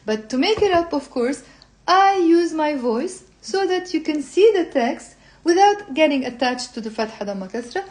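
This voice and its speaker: A woman explaining a language textbook, saying model phrases slowly for learners to repeat. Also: high voice, animated, darkish tone. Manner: slow, drawn-out model phrases for repetition. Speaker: language teacher.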